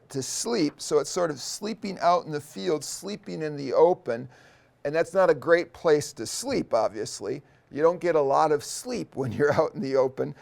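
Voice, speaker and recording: Middle-aged male professor, a bit high-pitched with a gravelly edge, who lectures thoughtfully with frequent ums and restarts. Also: darkish tone. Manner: thoughtful, pauses with many fillers and restarts. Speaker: seminary professor. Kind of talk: unscripted Bible lecture.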